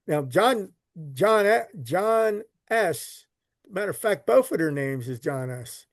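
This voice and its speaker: Philly man, casual rambling storyteller, a little high-pitched, bone-dry sound. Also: expressive, takes it slowly, no room sound. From Philadelphia. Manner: rambling, repeats words, swears casually. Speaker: podcast guest, recovery literature collector.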